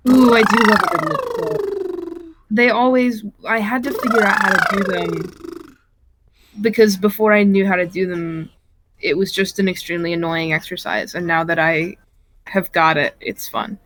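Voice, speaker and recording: A woman chatting casually as a stream co-commentator, speaking haltingly with many fillers and easy laughter. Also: fairly low pitch, fairly bright tone, slight background noise, low-quality recording. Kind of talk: casual chat.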